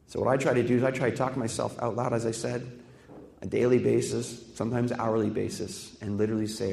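A man preaching a sermon at a mid pitch. He talks like he's chatting with the congregation, mixing rhetorical questions with stories from his own life. His voice rings through a large church sanctuary with a long, lingering echo. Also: level tone, fast, vocal fry, darkish tone. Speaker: pastor. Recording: echoey hall with long reverb.

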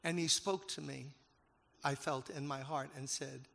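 Man, preacher, gravelly voice, emotional sermon storytelling, swells to loud emphatic peaks, long church hall reverb. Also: mid-range voice, measured pace. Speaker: pastor.

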